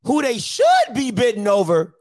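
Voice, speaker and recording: A man hosting opinionated sports commentary, blunt, joking and repetitive in an animated way. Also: sits high, moderate pace, no echo, clean studio sound.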